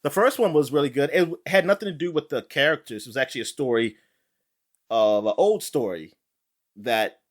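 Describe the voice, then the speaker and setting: A man co-hosting a gaming podcast, chatting casually, animated and laughing, rambling with restarts. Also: mid-range voice, a little fast. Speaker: podcast co-host. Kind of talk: casual chat.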